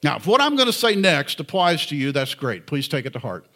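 Male preacher, bright voice, earnest and conversational. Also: a little high, wildly swooping pitch, brisk. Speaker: pastor. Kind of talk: sermon.

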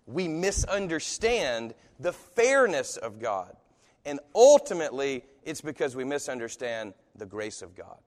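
An unhurried, sing-song pastor with a medium-pitched voice preaches a relaxed sermon. He acts out the voices of those he quotes, all ringing with a long hall reverb.

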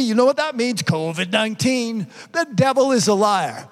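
Older man preaching, very high voice, fervent, amen-filled delivery, long hall reverb. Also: expressive, moderate pace, hardly any pauses. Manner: fervent preaching punctuated with "amen" and "praise God". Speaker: pastor. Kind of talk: sermon.

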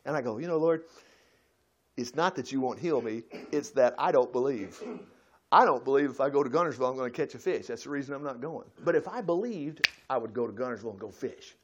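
A man preaching a folksy sermon, swinging from loud bursts to quiet asides. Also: mid-range voice, lively intonation, quick pace, dull audio, noisy background.

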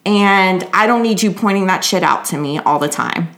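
A woman's voice: mid-range voice, moderate pace, a bit bright, natural voice. A woman recounting the words of an overwhelmed wife, bitter and defensive.

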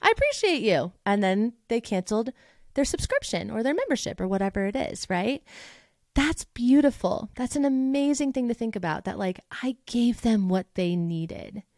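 An upbeat woman hosts a solo podcast as a voice teacher, her voice set a bit high. She talks casually and encouragingly, slipping into little acted-out quotes. The sound is dry and close on the mic. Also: animated, moderate pace, dark tone, no echo. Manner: upbeat, motivational, acts out quoted thoughts.

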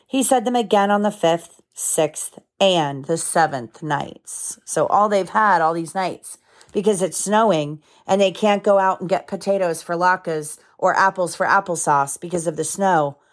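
Mother reading a picture book aloud. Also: fairly low pitch. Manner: pauses to explain the story to children in plain words. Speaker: mother reading to her children.

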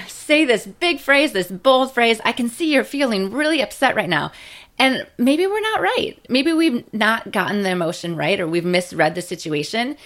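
A woman nurse educator teaching in a casual, conversational way, often checking in with "right?" and stressing points with lively emphasis. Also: a little high. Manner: conversational, frequent "right?" and "you know" tags.

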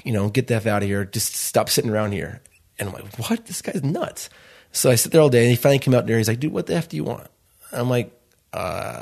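Man in his 30s, restaurant owner, low gravelly voice, loose rambling storyteller. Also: darkish tone. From Chicago. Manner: loose, rambling storyteller acting out quoted dialogue. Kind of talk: storytelling interview.

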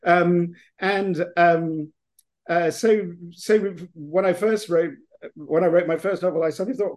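A man's voice: high-pitched, measured pace, a little mellow. English man rambling through an interview. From England. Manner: rambling, many restarts and fillers. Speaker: author guest. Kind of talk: podcast interview.

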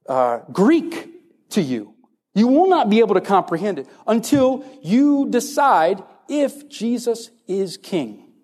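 Animated husky male preacher. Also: sits high. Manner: animated, acts out voices of doubters and of Jesus. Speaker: pastor. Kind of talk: sermon.

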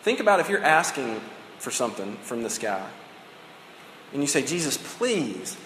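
A man's voice: mid-range voice, sing-song, normal speed, fairly bright tone, a little hiss or hum. A man preaching a sermon in a conversational way, acting out the dialogue of the story as he goes. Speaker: pastor. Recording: echoey hall, long reverb.

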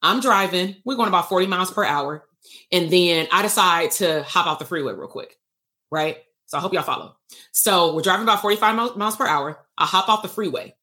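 A woman therapist teaching casually on a livestream, animated and playful, acting out exchanges and swearing lightly. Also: on the low side, brisk. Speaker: therapist leading workshops.

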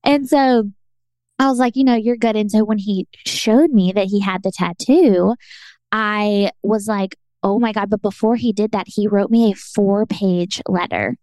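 A young woman co-hosting a podcast, spinning a story with lots of "like" and quick laughs. Her pitch stays in a middle range, and the sound is dry and close to the mic. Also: dry recording. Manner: animated, laughing, filler-heavy storytelling. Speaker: podcast co-host. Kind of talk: casual storytelling chat.

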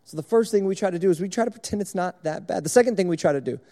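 A young man gives a sermon in a large hall, talking to the room in a relaxed, conversational way. His voice sits high but sounds mellow. A long reverb trails each phrase. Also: racing, hardly any pauses. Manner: conversational, illustrative, repetitive. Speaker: speaker at a church service.

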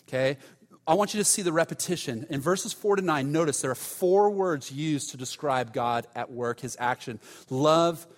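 A man's voice: on the high side, big-room sound. A male pastor preaching a sermon in an emphatic, conversational way, stressing key words by repeating them.

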